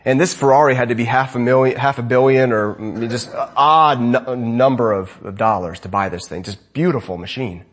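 A man's voice: mid-range voice, moderate pace, hardly any pauses. A man preaching a sermon as pastor, conversational, often asking his congregation rhetorical questions.

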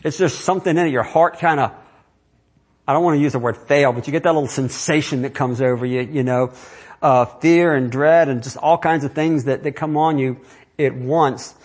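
Husky-voiced man preaching conversationally. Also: a little high, normal speed. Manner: conversational preaching with rhetorical questions. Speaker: pastor. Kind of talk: sermon.

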